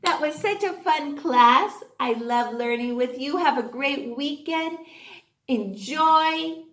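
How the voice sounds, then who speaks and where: High, slow-talking woman teaching phonics. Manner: slow, drawn-out word modeling with lively cheering. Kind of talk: online phonics lesson for young children. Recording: echoey room.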